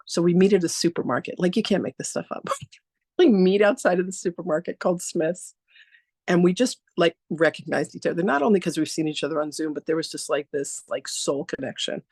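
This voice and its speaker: A woman hosting a talk, introducing her guest through a chatty, animated story and often laughing. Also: fairly low pitch, brisk, breathy edge, no echo, studio quality. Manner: animated, acts out dialogue with "I'm like".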